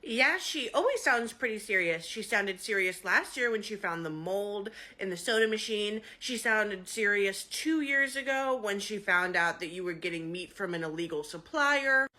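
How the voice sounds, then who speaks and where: A woman's voice: medium pitch, animated, normal speed, few pauses, bright, forceful tone. A woman playing a smug, scheming female store manager in a comedy skit, talking in a sneering way. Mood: snide. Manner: snide, sneering.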